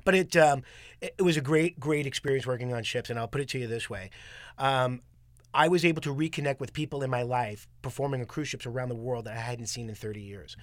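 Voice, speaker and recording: Fast-talking man from Long Island. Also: medium pitch, no echo. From Long Island, New York. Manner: animated anecdotes with acted-out quotes. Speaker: comedian guest. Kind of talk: casual interview storytelling.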